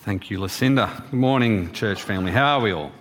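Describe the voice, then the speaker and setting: A man's voice: lowish voice, fairly quick, noisy background. A man giving a chatty sermon in church, engaging the congregation with questions. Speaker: preacher.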